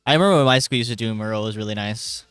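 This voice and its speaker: A young man live-streaming from his hot bedroom, chatting casually and reading chat aloud, rambling and jokey with sudden loud greetings, and a little tired. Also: fairly low pitch, racing, clear, resonant tone. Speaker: livestreamer.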